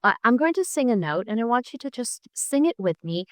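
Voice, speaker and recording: A middle-aged woman, a music therapy professor, giving an online lecture with vocal exercises in a clear, patient way, often checking in with "right?" and "okay?". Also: on the high side, big pitch swings, brisk, no echo, clean studio sound. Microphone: computer mic on a video call.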